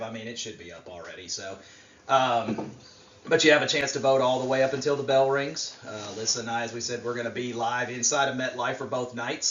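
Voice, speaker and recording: Rambling man in an echoey room. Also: medium pitch. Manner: rambling, filler-heavy, relaxed. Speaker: wrestling podcast co-host. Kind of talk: casual chat, predictions. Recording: roomy, distant, dull mic.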